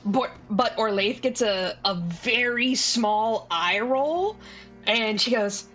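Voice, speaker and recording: Slow-talking woman game master. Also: a little high, animated, a bit bright. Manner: slow, hesitant, full of fillers. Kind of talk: narrating a tabletop game. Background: faint music.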